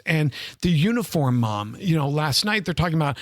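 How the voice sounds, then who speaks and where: Animated man telling stories on a podcast. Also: on the high side, moderate pace, dry recording, studio quality. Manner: animated storyteller who acts out other voices. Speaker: podcast co-host, former band director. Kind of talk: casual chat.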